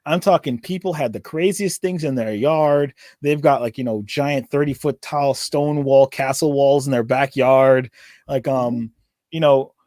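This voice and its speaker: A man's voice: mid-range voice, unhurried, a little mellow, dry recording, studio quality. A man co-hosting a podcast, rambling and hesitant with lots of fillers. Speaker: podcast co-host. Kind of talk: casual podcast chat.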